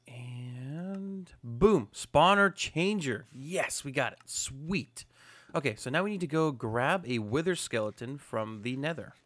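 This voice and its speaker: A man's voice: medium pitch, fairly bright tone. A man hosting a video game channel, giving upbeat, chatty gameplay commentary with a self-mocking streak. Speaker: gaming channel host.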